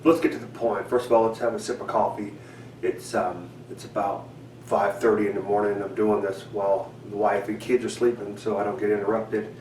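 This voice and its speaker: A man hosting a fishing how-to vlog from his home, rambling and halting with many ums and restarts. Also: on the low side, flat delivery, a little mellow. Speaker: fishing channel host. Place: home indoors. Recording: echoey room, mic at a distance, faint hiss.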